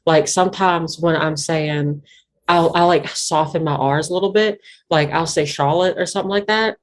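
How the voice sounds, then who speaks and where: A woman with a Virginia foothill Appalachian accent talks in a low voice during a casual interview. She rambles, restarting sentences and stacking fillers as she goes. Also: moderate pace. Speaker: guest musician.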